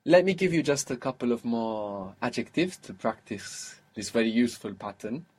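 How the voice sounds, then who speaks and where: A man's voice: mid-range voice, lively intonation, normal speed, darkish tone, slightly rough. A man teaching a spoken Arabic lesson, explaining patiently and prompting his student with questions.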